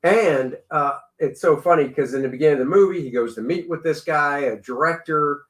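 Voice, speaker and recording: A male co-host chats casually through a movie review, cracking jokes as he goes. His voice sits somewhat high for a man. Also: fairly quick, a bit bright. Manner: chatty, joking. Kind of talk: casual chat.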